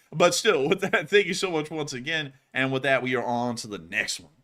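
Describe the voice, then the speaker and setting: Bright-voiced Southern man chatting. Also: on the high side, brisk, few pauses. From Alabama. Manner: easygoing, rambling with restarts. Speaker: co-host of a war news show. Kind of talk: casual chat answering viewer donations.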